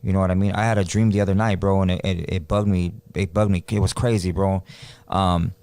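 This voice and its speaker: A man's voice: low-pitched, flat delivery, fairly quick, a little mellow, smooth, no echo. A man on a podcast, talking in a laid-back, slangy, casual way and saying "bro" often. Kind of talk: casual chat.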